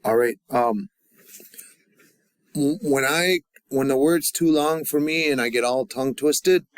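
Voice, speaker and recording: A man teaching a language class, leading the students through call-and-response drills and pausing often with fillers and restarts. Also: medium pitch, dry recording. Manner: halting, with many fillers and restarts. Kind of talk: classroom grammar lesson.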